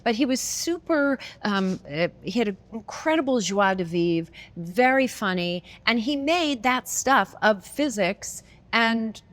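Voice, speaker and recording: Brief: woman guest, warm-toned storyteller, animated and quick to laugh, trails into fillers mid-thought. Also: fairly high pitch. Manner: expressive, laughs often, hesitant restarts with fillers. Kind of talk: casual conversational storytelling.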